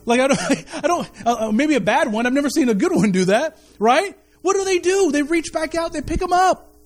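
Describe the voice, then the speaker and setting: A man with a strikingly high-pitched voice preaches a sermon as a pastor. His delivery swings widely in pitch as he repeats key phrases and stumbles over restarts. He sounds animated and conversational from the pulpit. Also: brisk.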